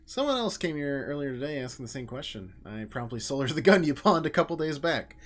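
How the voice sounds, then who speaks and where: A man's voice: on the high side, big pitch swings, brisk. A man reading out the lines of a weary, detached male pawnshop keeper in a video game, dry and wry.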